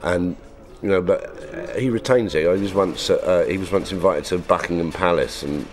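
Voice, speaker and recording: Deep-voiced and speaking at a moderate clip, this South London man is a comedian guest in a conversational interview. His talk is loose and wandering, full of false starts.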